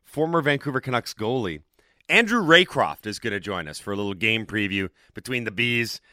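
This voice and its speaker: A man hosts a morning sports radio show, his voice bright and forceful. He talks quickly and jokes around with his co-hosts. The studio sound is close and dry. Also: fairly low pitch, animated, no echo. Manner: upbeat, quick, joking banter. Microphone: studio broadcast microphone.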